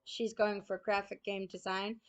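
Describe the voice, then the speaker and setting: A woman's voice: mid-range voice, little pitch movement, moderate pace. A young woman telling a personal story in a chatty, casual way, often saying "I'm like". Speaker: student.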